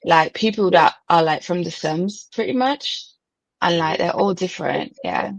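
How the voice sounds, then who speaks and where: A woman's voice: lowish voice, moderate pace, dry recording, low-quality recording. A woman guest on a casual podcast interview who talks in a chatty way, with lots of fillers, and laughs easily.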